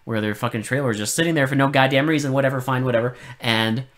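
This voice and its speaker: A man co-hosting a podcast, chatting casually about a film with deadpan sarcasm and plenty of swearing. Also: medium pitch, fast. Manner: sarcastic, profane, deadpan irony. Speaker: podcast co-host. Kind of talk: casual film review chat.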